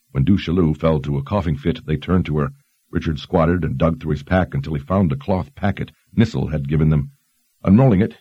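A man narrating an audiobook in a steady, even reading style on dull lo-fi audio. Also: extremely low pitch, slightly rough, no echo. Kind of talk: scripted narration.

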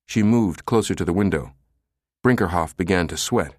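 A man narrating an audiobook in a steady, measured way. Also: low-pitched, no room sound, clean studio sound.

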